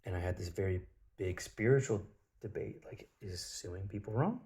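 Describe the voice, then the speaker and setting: Guy with a deep flat dark voice, swearing casually while he rambles through a story. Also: normal speed, gravelly. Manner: blunt, profane storytelling with many "like" fillers. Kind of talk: casual spiritual monologue.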